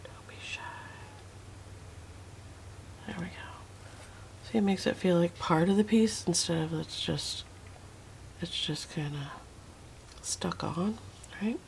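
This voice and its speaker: A woman walks through a watercolor tutorial at an unhurried pace, her lowish voice carrying a gravelly edge. She murmurs asides and often sinks into a whisper as she paints. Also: a little hiss or hum. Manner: soft, often drops to a whisper while painting; relaxed, self-talking, fond of little asides. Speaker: watercolor teacher.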